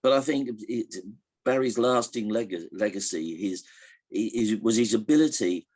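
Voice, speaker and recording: A man's voice: fairly low pitch, expressive, unhurried, a little mellow. An older man telling anecdotes in an interview, hesitant with many restarts, chuckling as he tells jokes. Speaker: interviewee recalling a comedian. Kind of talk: relaxed anecdotal interview answers.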